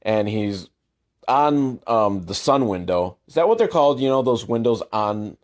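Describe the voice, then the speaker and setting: A man's voice: on the low side, animated, unhurried, darkish tone. A man hosting a comedic movie commentary, rambling with sarcastic, self-deprecating asides and many fillers.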